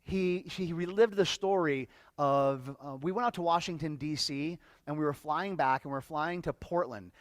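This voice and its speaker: Male workshop speaker with a slightly high voice, telling a personal story to a room in a halting, emotional way. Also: dry recording. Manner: emotional, halting, repeats words. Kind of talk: personal storytelling to a live audience.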